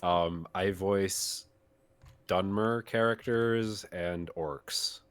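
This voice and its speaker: Very deep-voiced man with dry wit. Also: very slow, fairly bright tone, clear, resonant tone. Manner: dry, wry humour. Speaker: guest, writer and voice actor. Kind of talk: casual conversation.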